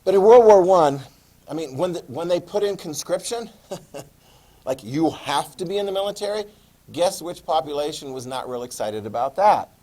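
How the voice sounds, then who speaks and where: A man teaches a history class in a chatty lecture, quizzing his students as he goes. His voice is a little high and dark-toned, animated, at a normal speed.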